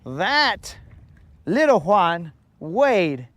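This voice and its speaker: A man's voice: sits high, big pitch swings, extremely slow, fairly bright tone, no echo. A man hosting a live fishing stream outdoors on a lake, playful and full of slang as he jokes with his chat. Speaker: fishing livestream host.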